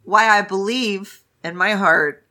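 A woman co-hosting a casual podcast, animated and joking crudely while discussing a novel. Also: mid-range voice, slow pace. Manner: animated, laughing, crude jokes. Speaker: podcast co-host. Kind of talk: casual chat reading a novel aloud.

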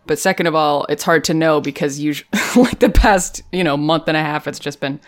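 A woman with a low voice talks through a TV episode with a friend. She is chatty and animated and laughs often, as in a relaxed podcast chat. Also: a little fast. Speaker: podcast co-host. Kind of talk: casual chat recapping a TV episode.

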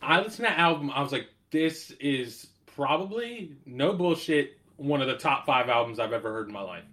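A man's voice: mid-range voice, lively intonation, normal speed, pushed and bright. A man co-hosting a casual music chat, rambling with many fillers and some swearing. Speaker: podcast co-host.

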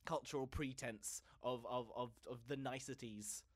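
A man's voice: medium pitch, fairly even intonation, normal speed. A man co-hosting a comedy podcast, telling a story casually, often repeating words as he goes and laughing. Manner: stammering repetitions, frequent laughs. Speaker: podcast co-host.

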